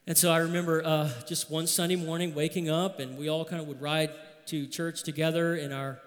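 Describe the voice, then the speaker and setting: A man preaching a sermon as pastor, telling a personal story in a relaxed, conversational way. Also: fairly high pitch, a little fast, long reverb tail.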